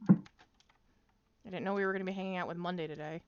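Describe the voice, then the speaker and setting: A woman's voice: on the low side, fairly even intonation, fast, lo-fi sound, background noise. A woman in casual pre-stream chat with friends, teasing and swearing freely. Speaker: tabletop game player.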